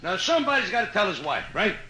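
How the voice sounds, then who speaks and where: A man's voice: high voice, big pitch swings, fast, sharp tone. A man with a Brooklyn accent doing live stand-up in a brash, punchy way on a hotel nightclub stage. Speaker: stand-up comedian. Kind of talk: live stand-up joke telling. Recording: echoey live room with crowd noise.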